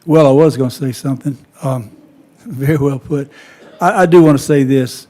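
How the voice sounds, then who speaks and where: A man, a county council member speaking in a halting, conciliatory way at a meeting. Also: mid-range voice, dark tone.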